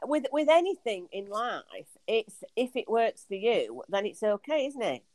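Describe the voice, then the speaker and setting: A woman's voice: a little high, sing-song, a little slow, darkish tone. A middle-aged woman co-hosting a podcast in casual chat, often repeating words and ending on tag questions. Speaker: podcast co-host.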